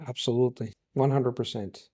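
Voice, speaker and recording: An Italian man, a native Italian speaker, talking as an interview guest in English with a nearly American accent, reflective and animated. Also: mid-range voice, a little fast, husky. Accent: Italian-born, near-American English. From Italy. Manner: reflective, animated, demonstrates sounds. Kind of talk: interview conversation.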